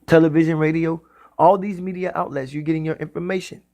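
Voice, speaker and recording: A man's voice: a little high, steady tone, darkish tone. Emphatic man preaching a spiritual talk. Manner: repetitive, emphatic, drawn-out phrasing. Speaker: spiritual speaker. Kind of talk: preaching monologue.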